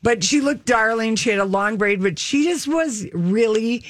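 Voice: mid-range voice, animated, normal speed, no echo, studio quality. A co-host in casual chat, rambling with lots of ums and restarts. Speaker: podcast co-host.

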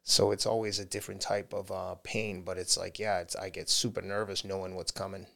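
Candid man, low voice. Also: level tone, fairly quick, gravelly, a bit bright. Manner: candid, laughs often, slips into quoted voices. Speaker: podcast guest, marathon runner. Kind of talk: casual interview talk.

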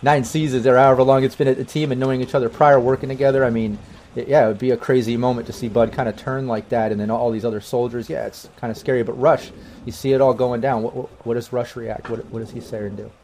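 A man's voice: medium pitch, fairly even intonation, fast, a little mellow, slight background noise. A man narrating a tabletop game as game master, rambling with many restarts.

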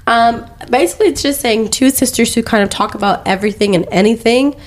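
A woman's voice: fairly high pitch, a little fast, background noise. A young woman co-hosting a casual podcast with her sister, congested from a cold, chatty and giggly with a rambling way of talking. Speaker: podcast co-host. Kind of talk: casual chat.

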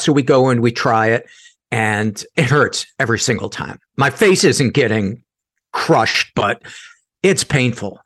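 A man, a guest comedian, telling a wry, animated story in casual talk. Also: medium pitch, unhurried, husky.

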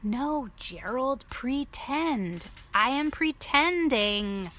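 A cheerful little pig girl with a high, bright voice that leaps up and down, as a woman puts her on while reading a picture book aloud. She sounds bouncy, eager and teasing, and she talks slowly and playfully. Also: animated, a little hiss or hum, exaggerated voice. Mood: reassuring.

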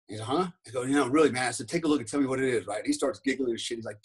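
A man's voice: mid-range voice, rapid-fire, hardly any pauses, breathy edge, poor audio. A man, a podcast guest and former special forces soldier, telling a rambling story in casual talk, peppered with "right?" and "man".

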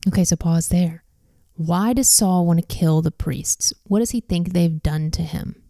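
A woman leading a Bible study, reading scripture aloud and pausing to ask calm, measured discussion questions. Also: fairly low pitch, no room sound, studio quality.

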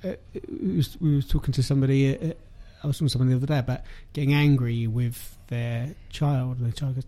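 Hesitant host asking questions. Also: male voice, mid-range voice, fairly even intonation, quick pace, hardly any pauses, dark tone. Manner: hesitant, stumbling starts before questions. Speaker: podcast host. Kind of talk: casual interview.

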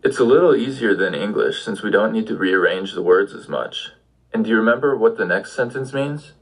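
A man's voice: lowish voice, lively intonation, fairly quick, slightly rough, poor audio. A man giving an audio language lesson, patiently prompting the listener with questions. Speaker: language teacher.

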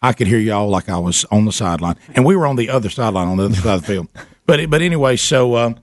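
A man hosting a radio show, telling a story in a casual, animated way with laughter and repeated words. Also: fairly low pitch, fast, dry recording, studio quality.

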